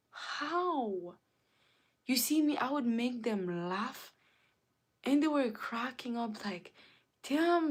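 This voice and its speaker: Earnest, emotional woman livestreamer. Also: medium pitch. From Africa. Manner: emotional, earnest, preachy storytelling. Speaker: livestream host. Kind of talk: casual impassioned monologue.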